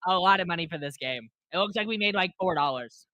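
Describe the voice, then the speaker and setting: Man, game streamer, easygoing, higher voice, muffled dry recording. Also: expressive, quick pace, sharp tone, dry recording. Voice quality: laid-back, chuckling. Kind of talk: casual stream chat. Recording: slightly muffled dry mic.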